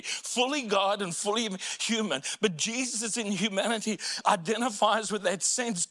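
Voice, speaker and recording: A male pastor preaching a sermon in a church, earnest and deliberate, rising to impassioned cries when voicing prayers. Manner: slow and deliberate, dropping low and quiet on personal points.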